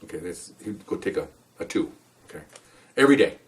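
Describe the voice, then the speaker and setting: An older man, a retired police officer, tells stories in a quick, lively way. He often pauses to check in with "okay?" and restarts his sentences as he goes. His voice comes from a little way back from the microphone. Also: lowish voice, distant mic. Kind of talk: casual anecdotal storytelling.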